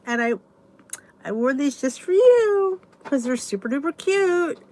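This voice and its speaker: A woman's voice: high-pitched, very animated, a little slow, darkish tone, dry recording. Chatty woman greeting live viewers. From United States. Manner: chatty, greets viewers by name, rambling asides. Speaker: livestream host. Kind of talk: casual chat with live viewers.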